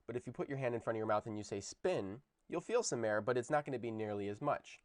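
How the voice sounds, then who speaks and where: A man's voice: medium pitch, quick pace, no echo, clean studio sound. A man giving a recorded video lecture on linguistics, explaining step by step and saying example words aloud. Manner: explanatory, demonstrates sounds aloud. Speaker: linguistics teacher.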